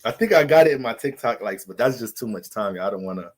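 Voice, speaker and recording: A man's voice: mid-range voice, lively intonation, fast talker, slight background noise. A man hosting a casual astrology livestream, loose and profane, joking and talking straight to his viewers.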